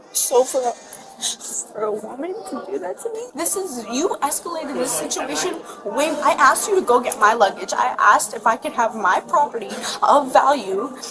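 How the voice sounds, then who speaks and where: A young woman agitatedly retelling events to police at an airport gate, rambling and repeating herself, filling her talk with "like", captured on a police bodycam. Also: sits high. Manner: rambling, repetitive, heated, says "like" a lot. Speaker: passenger giving her account to police. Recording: bodycam audio with loud airport noise.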